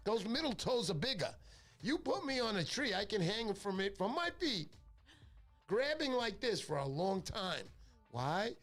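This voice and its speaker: A middle-aged man, hosting a fishing livestream in casual chat, joking and rambling through his stories. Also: a little high. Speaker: fishing show host.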